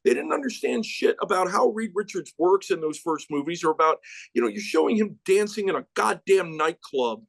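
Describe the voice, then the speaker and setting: Male podcast host, higher voice, fired-up profane ranting. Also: a little fast, gravelly, no room sound, low-quality recording. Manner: animated, profane ranting with sudden pitch jumps. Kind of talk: casual movie chat.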